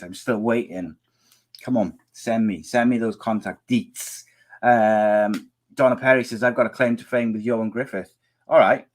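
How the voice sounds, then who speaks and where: Hoarse, rambling podcast host. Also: male voice, fairly low pitch. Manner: chatty, teasing, rambling with many restarts. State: losing his voice. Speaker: podcast host reading viewer comments. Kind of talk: casual live chat.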